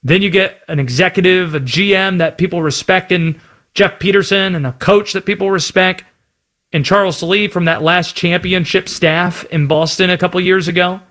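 A man from North Carolina hosting sports talk radio, with an animated, opinionated, energetic delivery. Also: sits high, moderate pace.

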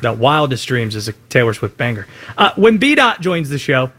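A man hosting a sports talk radio show, talking in a wry, animated way. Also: mid-range voice, normal speed.

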